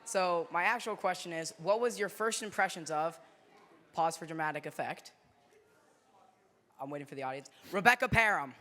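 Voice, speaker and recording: A man's voice: sits high, a little fast, hardly any pauses, bright, forceful tone. A man in the audience asking a question at a live panel, playful and teasing as he builds up to it, on an audience mic. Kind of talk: live fan Q&A. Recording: echoey convention hall.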